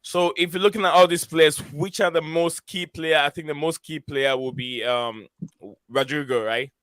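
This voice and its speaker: A man hosts a casual live stream. His voice is bright and crisp, and his talk is full of hesitant fillers as he reads names from the chat. The sound is dry and close. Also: fairly high pitch, fairly even intonation, moderate pace, no echo. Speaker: host.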